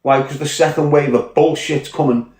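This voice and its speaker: A man's voice: on the high side, steady tone, normal speed, darkish tone. A man with a Liverpool Scouse accent, ranting bluntly and profanely on a podcast. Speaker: podcast guest. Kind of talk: podcast rant. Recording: echoey room.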